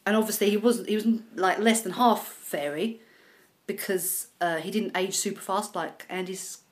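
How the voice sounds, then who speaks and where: A woman's voice: mid-range voice, moderate pace. A woman co-hosting a podcast, chatting casually about a TV episode and laughing often between points. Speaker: podcast co-host. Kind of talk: casual chat recapping a TV episode.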